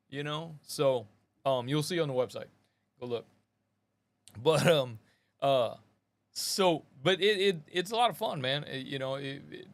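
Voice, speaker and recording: A man's voice: on the high side, dry recording. A middle-aged man hosting a live show, chatting casually in a rambling, slangy way and calling listeners bro and man. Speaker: podcast host. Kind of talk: casual live-stream chat.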